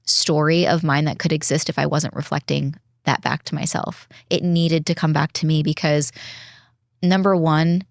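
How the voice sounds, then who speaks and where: A woman in her thirties speaking as a podcast guest in an earnest, reflective way, slowing down to stress her points. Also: low-pitched, steady tone, creaky, no echo, studio quality. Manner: earnest, reflective, slows down when emphasizing. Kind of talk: casual heartfelt conversation.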